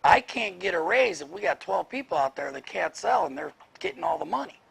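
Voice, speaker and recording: Man, trainer, gravelly, husky, blunt, rhetorical questions, leadership class. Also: high-pitched, very animated, brisk, a bit bright.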